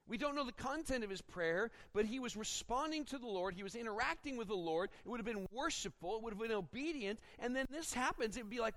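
Male pastor, higher voice, expository sermon with acted asides. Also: fast, hardly any pauses. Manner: expository preaching with acted-out quotes; animated, rising when dramatizing.

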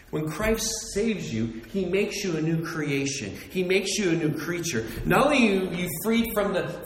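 A man preaching a sermon as pastor, animated, repeating phrases and acting out the voices of people he quotes. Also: high-pitched, roomy sound, big-room sound, a little hiss or hum, low-quality recording.

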